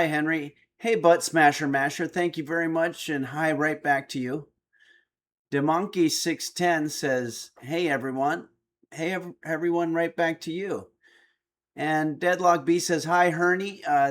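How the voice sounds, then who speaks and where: A man's voice: on the high side, fairly bright tone. Dry-humored middle-aged man. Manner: dry, joking, reads chat messages aloud. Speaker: streamer reading chat. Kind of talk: casual chat.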